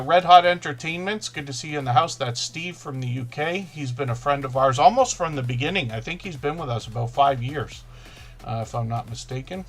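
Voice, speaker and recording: A man hosting a live stream, talking fast and casually, often restarting his sentences as he greets viewers. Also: medium pitch. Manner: fast-talking, self-correcting, chatty. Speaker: livestream host.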